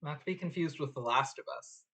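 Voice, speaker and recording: A woman streamer chatting casually while guiding a guest through a game, with quick, giggly asides. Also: deep voice, fairly bright tone, husky, low-quality recording.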